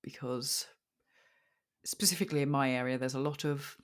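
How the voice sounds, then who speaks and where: A woman's voice: very deep voice, moderate pace. A British woman co-hosting a podcast, chatting casually in a frank, sweary way with dry self-mocking humor. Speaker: podcast co-host. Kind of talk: casual chat.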